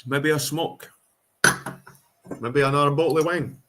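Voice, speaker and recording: This livestream host from Scotland speaks with a slightly high voice, fairly even intonation and a measured pace. He chats casually with his viewers, ranting bluntly and swearing frequently.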